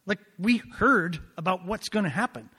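A man's voice: on the high side, lively intonation, moderate pace, husky, big-room sound. A man playing sheepish ancient townsfolk who defend their deception in a casual, defensive tone.

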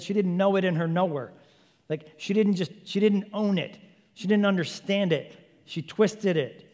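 A male preacher delivers an animated sermon, firing off rhetorical questions with a playful edge. His voice sits somewhat high. A long hall reverb trails behind his words. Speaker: preacher and Bible teacher.

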